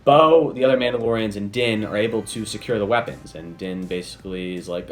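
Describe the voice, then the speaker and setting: A man's voice: fairly low pitch, brisk, hardly any pauses, faint music behind. A man giving a casual, enthusiastic spoiler review, chatty and full of "basically" and "like". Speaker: video reviewer.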